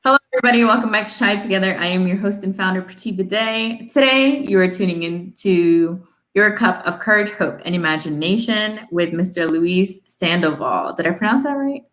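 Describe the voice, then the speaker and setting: A woman hosting a casual interview show, chatty and quick to laugh. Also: medium pitch, fairly bright tone. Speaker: host and founder of the show. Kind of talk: casual video chat interview. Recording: roomy echo.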